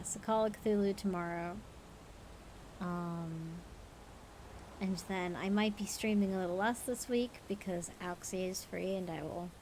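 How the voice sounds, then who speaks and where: A woman's voice: medium pitch, darkish tone, a little hiss or hum, low-quality recording. Woman streamer, storyteller: easygoing, playful, mid-range voice. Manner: casual, playful, tired late in the stream. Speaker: streamer reading stories. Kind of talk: storytelling livestream.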